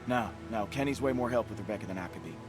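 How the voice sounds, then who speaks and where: A man's voice: fairly low pitch, very fast, close to an everyday voice. An actor playing an earnest young male survivor in a video game, speaking carefully. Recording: game audio with music behind.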